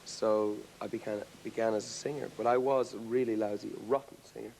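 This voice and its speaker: Rambling Irish rock singer. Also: male voice, on the low side, fairly even intonation, a little fast, a little mellow, a little hiss or hum, rough recording. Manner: thoughtful, rambling, with frequent restarts. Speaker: rock singer interviewed as a guest. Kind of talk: casual TV studio interview. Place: TV studio with an audience.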